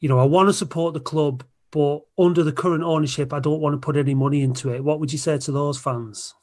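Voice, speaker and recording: Man, podcast host, fairly high voice, conversational, halting questions. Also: fairly even intonation, darkish tone. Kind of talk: interview questions.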